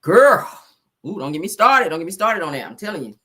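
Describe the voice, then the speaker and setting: A woman hosts a live stream full of casual gossip commentary, talking animatedly, swearing, and laughing often. Her voice is fairly low and slightly rough, and she speaks fairly quickly.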